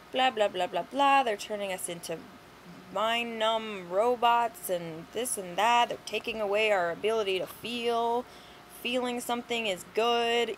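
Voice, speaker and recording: A woman's voice: mid-range voice, a little hiss or hum, poor audio. A young woman vlogging in a blunt, exasperated, sweary ranting monologue.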